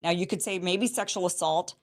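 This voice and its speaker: A woman with a low voice talks in casual, unscripted commentary. She thinks out loud, repeating herself and restarting sentences as she works through each point. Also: fairly quick. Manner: hesitant, restarts and repeats phrases while reasoning aloud.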